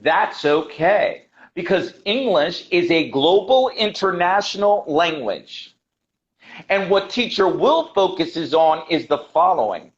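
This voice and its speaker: A man's voice: high voice, lively intonation, slow pace. An American man, an English teacher being interviewed, talking passionately and emphatically, repeating his key points and calling the host brother. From United States. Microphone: video call. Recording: dull lo-fi video call audio.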